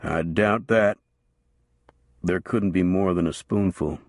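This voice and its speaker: A man voicing a gruff male townsman with a coarse, dry way of talking. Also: sits low, slow pace, no room sound.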